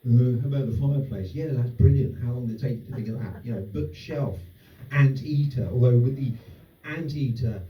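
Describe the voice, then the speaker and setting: A man's voice: medium pitch, a little fast, slight background noise. A man doing a stand-up comedy set to a live audience, sarcastic and sweary with rambling asides. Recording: roomy distant dull club recording.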